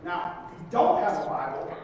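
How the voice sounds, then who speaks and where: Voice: medium pitch, huge pitch swings, normal speed. A pastor giving a conversational sermon who keeps tagging points with "right?". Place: church sanctuary. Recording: distant, echoey hall recording with faint noise.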